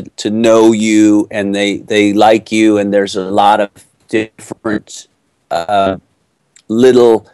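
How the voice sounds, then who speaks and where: A middle-aged man from Texas, an actor answering interview questions in a playful, animated storytelling way. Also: on the low side, no room sound.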